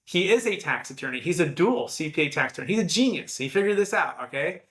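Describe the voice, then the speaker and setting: Bright-voiced man pitching in an echoey room. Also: fast. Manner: energetic storyteller acting out dialogue. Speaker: tax strategy advisor. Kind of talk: podcast talk, persuasive pitch.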